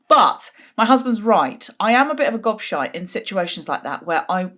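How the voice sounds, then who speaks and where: A woman's voice: fairly low pitch, fast, hardly any pauses, fairly bright tone. A woman hosting a podcast, telling a story in a gossipy, chatty way and laughing often. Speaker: podcast host. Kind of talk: casual storytelling.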